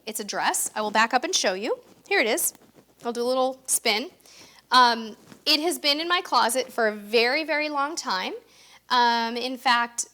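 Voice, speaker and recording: Woman, high bright voice, bubbly and effusive, casual live-stream chat at home. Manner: bubbly, effusive, quick exclamations. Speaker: co-host of a cruise channel live stream.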